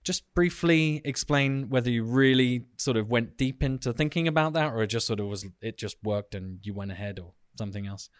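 A man interviewing guests, asking measured questions with lots of hedging. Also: mid-range voice, clear, resonant tone, no echo, clean studio sound.

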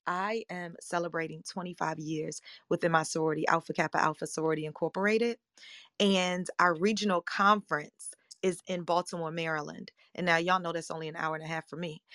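A woman in her forties giving an upbeat motivational talk as a coach, her voice slightly hoarse and scratchy, often checking in with her listeners. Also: fairly low pitch, bright, forceful tone, no echo, clean studio sound. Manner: upbeat, emphatic, rhetorical check-ins. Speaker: life coach and live-room host.

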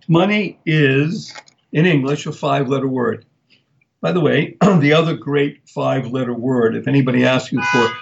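Older guy doing a radio talk show, kinda high voice, dull lo-fi sound, spells words out slow. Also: vocal fry. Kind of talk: live talk radio monologue.

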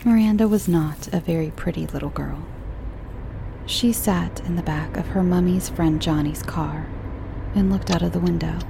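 Low, gravelly woman reading horror. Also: moderate pace, background noise. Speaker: story narrator. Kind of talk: scripted horror story reading.

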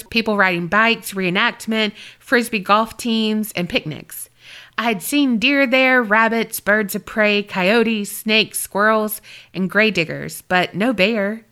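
A woman's voice: a little high, pushed and bright. A woman co-hosting a paranormal podcast, reading a listener's story aloud and chatting. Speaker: podcast co-host.

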